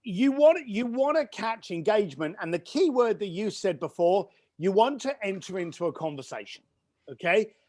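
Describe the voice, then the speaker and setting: Enthusiastic British man, lively high voice. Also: moderate pace, no echo, clean studio sound. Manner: enthusiastic, emphatic, quirky. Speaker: guest. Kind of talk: conversational business advice.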